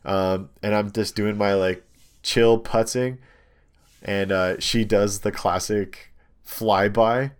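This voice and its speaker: Casual storyteller: young guy, lowish voice, animated and rambling with lots of filler words. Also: slow pace, clean tone. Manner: rambling, animated storytelling with many ums and likes. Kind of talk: casual chat, telling a story.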